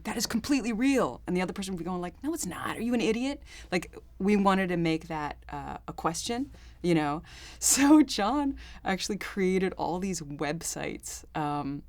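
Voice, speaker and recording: A woman actress telling behind-the-scenes stories in a chatty, animated interview, often laughing. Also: lowish voice, dry recording. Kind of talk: casual interview anecdotes.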